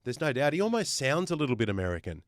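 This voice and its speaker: Crisp Australian man, emphatic podcast host. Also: medium pitch, sing-song, fast, no room sound, clean studio sound. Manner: emphatic, builds points with lists. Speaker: guest host. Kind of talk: casual podcast chat.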